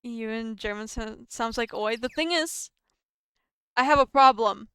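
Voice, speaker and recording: A woman's voice: on the high side, a little slow, sharp tone, clear, resonant tone, no room sound, clean studio sound. A woman whose first language is Estonian or Russian, streaming a visual novel, reading dialogue aloud and stumbling, self-deprecating, over words.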